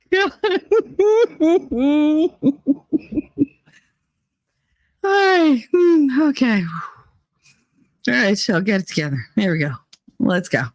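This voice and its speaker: A woman's voice: mid-range voice, no echo, rough recording. A young adult woman hosting a livestream, telling crude stories in casual chat and breaking into laughter often. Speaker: livestream host.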